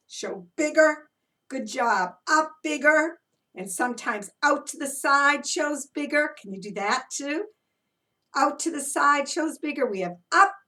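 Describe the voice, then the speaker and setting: Lively story-time woman, far from the mic. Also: sits high. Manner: animated and encouraging, speaking to toddlers. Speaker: early childhood educator. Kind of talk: children's story time with movement.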